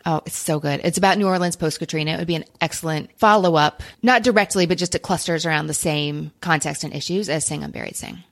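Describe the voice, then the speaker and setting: A woman podcast host with a fairly low voice, talking casually. She rattles off book recommendations in a quick, chatty way. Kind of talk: casual chat.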